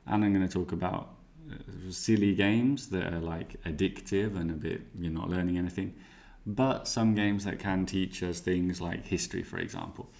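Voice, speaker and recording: A man teaching exam speaking skills, explaining clearly and giving worked example answers. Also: deep voice, steady tone, moderate pace, darkish tone.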